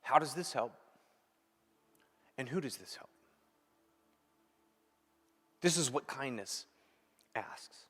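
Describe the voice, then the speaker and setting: A man preaching a sermon as pastor, emphatic, repeating key phrases and dropping from loud to hushed. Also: fairly high pitch, moderate pace, big-room sound.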